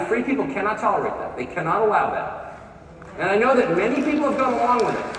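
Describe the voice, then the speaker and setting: A man's voice: high voice, background noise. A man, giving a sarcastic, mocking speech at a conference. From United States. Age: 50s. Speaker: conference speaker. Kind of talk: live speech to an audience. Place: large conference hall. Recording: echoey hall from far off, faint crowd.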